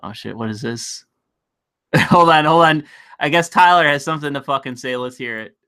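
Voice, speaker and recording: Bright-voiced man ranting on a livestream. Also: on the high side, moderate pace, clear, resonant tone. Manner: rambling, profane, laughs often. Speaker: livestream host. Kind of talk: casual live-stream chat.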